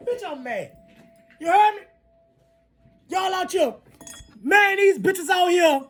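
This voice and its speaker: A video creator on an angry, profane spoken rant to viewers, who swings between shouting and muttering, breaks off to apologize, and keeps asking "you heard me" and "you feel me". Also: extremely high pitch, animated, measured pace, pauses often. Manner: apologetic asides between outbursts.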